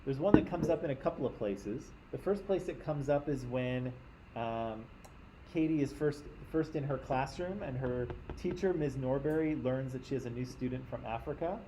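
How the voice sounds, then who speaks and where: A man gives a classroom lecture in a relaxed, conversational way. His voice is dark and mellow at an ordinary pitch, and he keeps checking in with the class. A faint hiss sits under the recording. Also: moderate pace, rough recording. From Canada. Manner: conversational, often checks in with "right?". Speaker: teacher.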